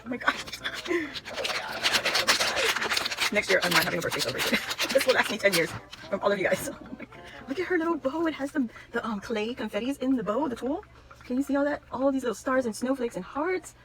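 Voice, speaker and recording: A woman's voice: a little high, background noise. A woman vlogger opening craft gifts on camera, gushing and exclaiming again and again in casual chat. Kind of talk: excited casual unboxing chat.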